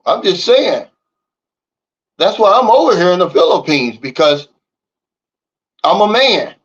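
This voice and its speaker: A man's voice: high-pitched, big pitch swings, measured pace, a bit bright, dull audio. A man hosting a livestream, reading the chat and ranting in a blunt, fired-up way. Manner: fired-up, blunt, repeats "Big Dog" and "okay?". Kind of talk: casual livestream talk. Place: living in the Philippines.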